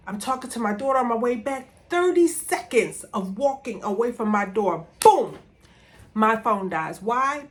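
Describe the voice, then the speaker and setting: A middle-aged woman vlogging from a room at home with a voice pitched a little above most women's. She tells her own story in an emphatic motivational way and hammers her points by repeating words. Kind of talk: personal storytelling to camera.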